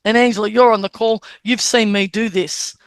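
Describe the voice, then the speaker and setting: A woman's voice: medium pitch, moderate pace, dry recording. An Australian woman, a medium, teaching a group on a call and telling stories with acted-out dialogue. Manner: animated storytelling, acts out quoted dialogue.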